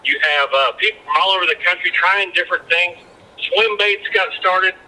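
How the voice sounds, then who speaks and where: A former fishing guide talks as a guest on a podcast. He tells rambling stories full of restarts and repeated words. His voice is very bright and sits a little high for a man. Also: moderate pace, poor audio. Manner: rambling anecdotes with many restarts. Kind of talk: casual storytelling chat.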